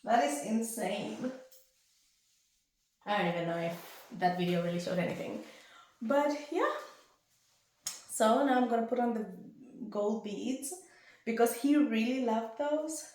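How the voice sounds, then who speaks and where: A young woman vlogging to camera in a rambling, chatty way at home, with bursts of excitement. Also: a little high, a little slow, pauses often. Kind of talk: casual chat to camera. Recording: very echoey room.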